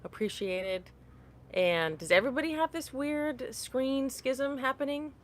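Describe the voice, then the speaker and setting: A woman's voice: high-pitched, unhurried. A woman hosting a casual live chat on her phone, talking to viewers, laughing often and getting sidetracked. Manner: chatty, laughs often, apologetic and easily sidetracked. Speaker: livestream host. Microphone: phone held upright.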